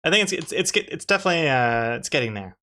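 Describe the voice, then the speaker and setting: A man's voice: fairly high pitch, animated, quick pace, sharp tone. Rambling male artist chatting on stream. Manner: rambling, restarts often, dry jokes to chat. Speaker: comic artist streaming his drawing. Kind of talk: casual live-stream chat while drawing.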